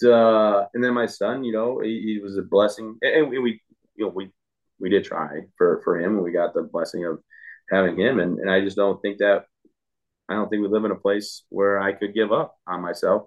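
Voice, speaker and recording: A low-voiced man in his thirties talks casually in an interview. He rambles a little, restarting his sentences, but speaks earnestly and openly. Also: highs cut off. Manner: earnest, rambling, self-correcting with frequent fillers and laughs. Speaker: podcast guest.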